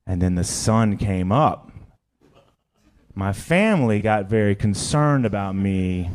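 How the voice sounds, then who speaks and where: A man's voice: deep voice, darkish tone. A male stand-up comic telling a long, profane story on a club stage. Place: live comedy club with audience.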